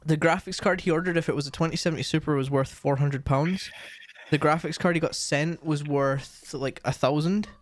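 A man's voice: on the high side, fairly even intonation, moderate pace, dry recording. A young man chatting casually as a streamer, rambling with lots of fillers and restarts. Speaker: streamer and co-host. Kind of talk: casual chat.

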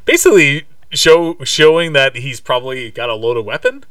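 A man's voice: mid-range voice, sing-song, normal speed, a bit bright, dry recording, studio quality, recorded from a distance. Rambling man, off-mic. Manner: rambling, many fillers and restarts. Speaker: podcast co-host. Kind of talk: casual chat retelling a movie.

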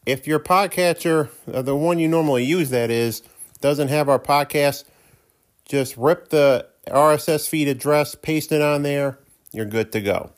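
A man's voice: a little high, measured pace. A man hosting his own podcast from his living room, chatting in a folksy, self-deprecating way. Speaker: podcast host. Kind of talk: casual solo podcast monologue.

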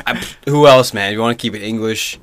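A man's voice: fairly low pitch, fast talker, a bit bright, dry recording. Exasperated male podcast co-host. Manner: exasperated, insists on finishing his point. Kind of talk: casual soccer banter.

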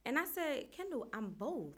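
A young woman speaking in a casual group discussion, candid and expressive about her feelings. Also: sits high, normal speed. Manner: candid, expressive, self-aware.

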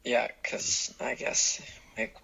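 A man's voice: slow, sharp tone, dull audio. A man guest on a casual podcast chat, making wry, dry remarks. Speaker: podcast guest, actor and improviser.

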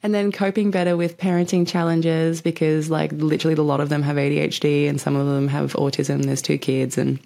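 A young woman with a slightly low voice talks fast and loose, piling on fillers and casual swearing as she tells a story to her listeners. Her telling is excitable and unpolished, the sound of a casual podcast host. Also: gravelly. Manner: chatty and excitable, heavy use of filler "like", frequent swearing. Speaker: podcast host and Reiki practitioner.

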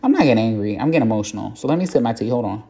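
A woman with a strikingly low, dark, mellow voice, hosting her own podcast alone. She thinks out loud in a candid, reflective way, swearing casually and filling pauses with ums and likes. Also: very animated, breathy edge. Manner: frank, reflective, with casual swearing and many fillers. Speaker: podcast host. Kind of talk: candid solo podcast monologue.

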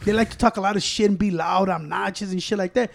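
A man's voice: high-pitched, steady tone, fast, creaky. A man from Chicago with a Mexican-American accent, telling rowdy stories in casual chat, switching between English and Spanish and swearing a lot. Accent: Chicago Mexican-American, mixing Spanish. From Chicago, USA.

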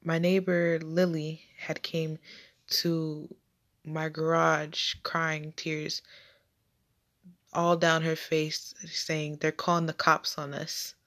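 A young woman telling a personal childhood story, halting with repeats and restarts. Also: sits low, level tone, fairly bright tone.

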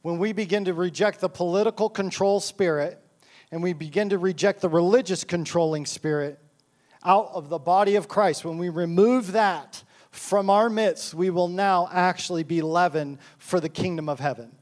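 A man's voice: sits high, moderate pace. A male pastor preaching a sermon and reading scripture aloud, fired up and impassioned.

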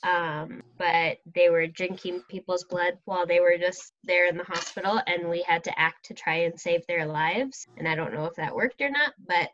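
A woman's voice: on the low side, fairly even intonation, moderate pace, few pauses, a bit bright. A woman player speaking in character in a tabletop game, rambling and explaining in a rush of clauses. Her voice comes through dull, lo-fi video call audio. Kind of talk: in-character tabletop role-play.

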